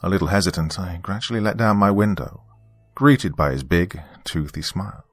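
A man narrating a scripted first-person horror story in a measured, descriptive way. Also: deep voice, no room sound, faint music behind.

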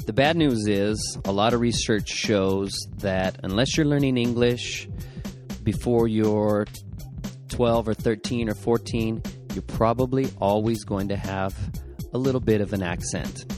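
A man's voice: lowish voice, unhurried. A man hosting a podcast, giving an upbeat, encouraging intro. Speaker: podcast host. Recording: music bed under the voice.

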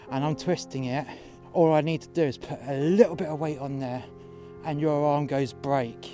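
A man telling a rough, profane story in a blunt, tough-talking way, recorded outdoors. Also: mid-range voice, darkish tone. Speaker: storyteller, door security worker. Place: outdoors in freezing cold.

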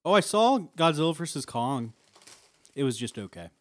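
A man's voice: fairly high pitch, sing-song, normal speed, no room sound. A man co-hosting a podcast in casual chat, making dry, wry remarks. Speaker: podcast co-host.

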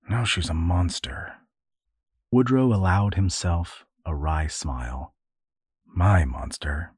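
A man narrating a storybook adventure in a measured, storytelling voice. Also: sits low, a little mellow, slightly rough, no room sound, studio quality. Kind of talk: audiobook narration.

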